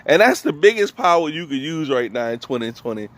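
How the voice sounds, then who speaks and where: A man's voice: a little high, sing-song, a little fast. A man from New Orleans with a New Orleans accent, telling loose, slangy comic stories and laughing between lines. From New Orleans, USA. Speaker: comedian. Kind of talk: stand-up storytelling.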